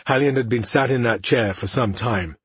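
A man with a husky voice reading a fantasy audiobook in steady, measured narration. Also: mid-range voice, dry recording.

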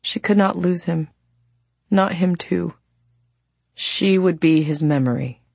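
A woman narrating a novel as an audiobook in a calm, reflective way. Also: lowish voice, takes it slowly, gravelly, pauses often, breathy edge, dry recording. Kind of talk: scripted narration.

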